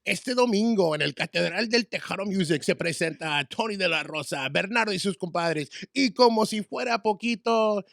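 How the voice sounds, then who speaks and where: Guy doing a loud, punchy radio announcer voice, pushed up high. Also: expressive, a little fast, gravelly, hardly any pauses, no room sound, studio quality, heavily acted. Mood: announcing. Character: booming male radio announcer hyping a weekend show.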